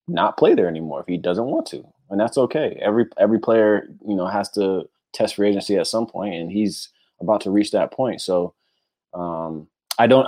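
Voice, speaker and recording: A man co-hosting a casual sports podcast in a relaxed, rambling way. His voice is very low, and he keeps working in easy fillers as he thinks aloud. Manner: easygoing, rambling, many fillers like "you know". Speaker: podcast co-host.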